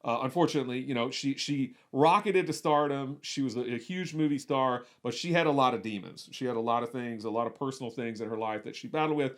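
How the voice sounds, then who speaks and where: A man's voice: mid-range voice, fast talker, hardly any pauses, a bit bright. A man co-hosting a podcast, chatting casually about movies, restarting sentences and repeating words as he goes. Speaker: podcast co-host.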